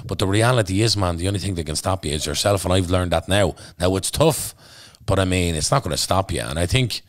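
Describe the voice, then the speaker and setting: A man's voice: low voice, lively intonation, fairly quick, no room sound, clean studio sound. A man with a Dublin accent, a podcast guest telling his story bluntly and intensely, swearing freely. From Ireland. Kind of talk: candid storytelling in conversation.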